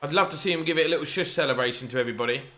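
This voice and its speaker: A man commentating on his own football video game match, excitable and quick to shout at the referee. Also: medium pitch. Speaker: gaming YouTuber.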